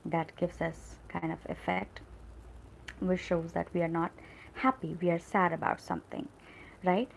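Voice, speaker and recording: A woman's voice: lowish voice, unhurried, gravelly, darkish tone, a little hiss or hum, low-quality recording. A woman teaching English grammar in a live stream. She explains step by step, keeps asking "right?", and acts out example sentences with emphasis.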